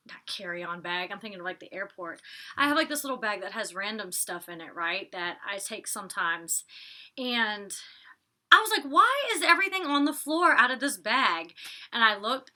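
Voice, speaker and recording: A woman's voice: on the high side, bright, forceful tone. A young woman chatting casually at home, giving an opinionated review with lots of likes, ums and laughs. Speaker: vlogger reviewing a reality show. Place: home, indoors.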